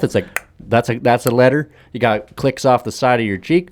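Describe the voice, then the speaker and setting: A man's voice: mid-range voice, brisk, hardly any pauses. A man co-hosting a podcast, chatting casually over drinks, cracking crude jokes, swearing freely and laughing often. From Alberta, Canada. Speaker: podcast co-host.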